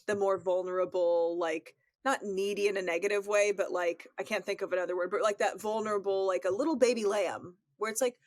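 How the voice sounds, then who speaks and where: A woman's voice: mid-range voice, steady tone, brisk, few pauses, no room sound. A woman co-hosting a relationship advice podcast, speaking frankly and reflectively from her experience as a therapist. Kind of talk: casual advice conversation.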